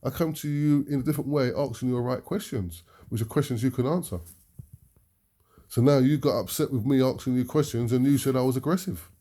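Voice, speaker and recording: A man's voice: medium pitch, a little fast, dark tone. A British man talking as a preacher, making emphatic points to his listeners and often ending them with a questioning "yeah?". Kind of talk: impassioned talk to an audience.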